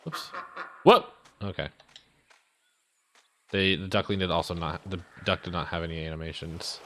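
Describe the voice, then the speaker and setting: A man streaming a video game live. He gives casual, excitable commentary full of sudden whoops and rambling self-corrections. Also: deep voice, normal speed, a little hiss or hum.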